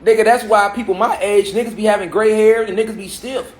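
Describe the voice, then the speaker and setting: A man's voice: high-pitched, steady tone, a little fast, a little mellow. Emphatic man lecturing in an echoey room. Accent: African American Vernacular English. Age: 30s. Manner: preachy, rhetorical questions, emphatic repetition. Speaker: speaker addressing a gathered audience. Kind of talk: spiritual lecture. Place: large room with an audience.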